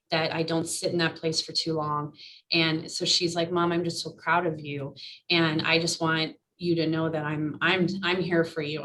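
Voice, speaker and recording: A woman on a panel telling a personal story in a candid, halting way. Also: low voice, a bit bright, a little hiss or hum, low-quality recording.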